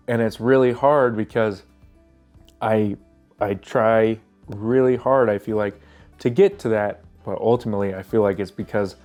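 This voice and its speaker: A young man with a cold speaks to his viewers in a low, mellow voice, his nose stuffed up and congested. He rambles earnestly, restarting sentences and leaning on fillers, while soft guitar music plays faintly behind him. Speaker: vlogger. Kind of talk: casual talk to camera.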